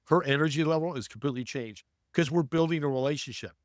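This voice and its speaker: Upbeat male guest, acts out anecdotes, higher-pitched, dry booth sound. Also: fast, dry recording. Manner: animated, acts out voices in anecdotes. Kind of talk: storytelling interview talk.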